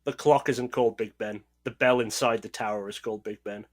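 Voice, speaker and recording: A man's voice: fairly low pitch, fairly even intonation, fairly quick. A man from Northeast England with a mild accent from there, co-hosting a casual podcast and patiently explaining things in an easygoing way. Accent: mild Northeast English. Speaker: podcast co-host. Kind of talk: casual chat.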